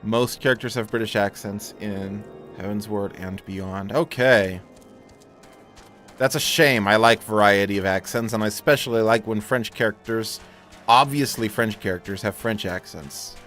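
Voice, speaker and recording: A man's voice: lowish voice, moderate pace, fairly bright tone, faint music behind. A man casually commenting on a video game as he plays, joking in a wry, playful way. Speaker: let's play host.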